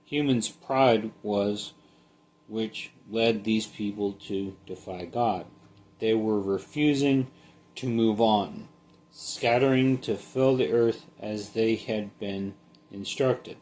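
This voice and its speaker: A man with a lowish voice teaches from scripture at an unhurried, drawn-out pace. He reads haltingly, stumbling over words now and then, and later loosens into relaxed commentary. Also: slight background noise. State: sleepy, yawning. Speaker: Bible study teacher. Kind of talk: casual Bible study talk.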